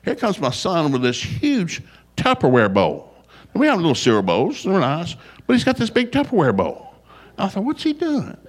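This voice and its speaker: An older man telling a funny family story in a folksy, animated way, his voice jumping up when he quotes himself. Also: normal speed. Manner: folksy, animated, gets loud and high when quoting himself.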